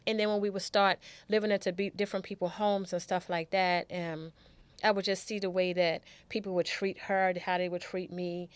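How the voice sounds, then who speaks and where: A woman's voice: fairly low pitch, level tone, normal speed, smooth, no room sound. A middle-aged woman telling an emotional personal story as a podcast guest, candid and repeating her words as she goes.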